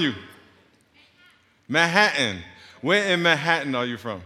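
This middle-aged Long Island, New York pastor, greeting his flock in a big church auditorium, teases and banters with the crowd. His pitch runs on the high side, expressive and sharp, with drawn-out words and long pauses. The hall's reverb is strong.

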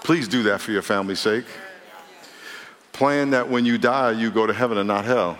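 Preaching pastor in a reverberant hall. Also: male voice, fairly low pitch. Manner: lively preaching, quick shifts between loud emphasis and quiet asides. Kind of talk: sermon. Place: church sanctuary.

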